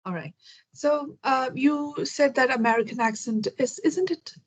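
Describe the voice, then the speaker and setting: A woman's voice: sits high, measured pace, low-quality recording. A woman hosting an English conversation practice over a video call, asking curious questions with frequent restarts. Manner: curious, chatty, many fillers and restarts.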